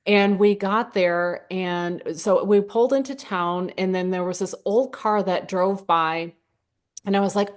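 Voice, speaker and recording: A woman photographer from southern Indiana, a guest telling stories about her shoots in a casual interview and acting out her own quotes in a higher voice. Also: a little slow. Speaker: senior portrait photographer, guest.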